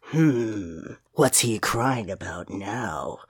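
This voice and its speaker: A podcaster doing a gruff brooding hedgehog. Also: expressive, extremely slow, full character voice. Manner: low, hushed and gruff. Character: brooding edgy male cartoon hedgehog antihero. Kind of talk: comic dramatic reading of a fan comic.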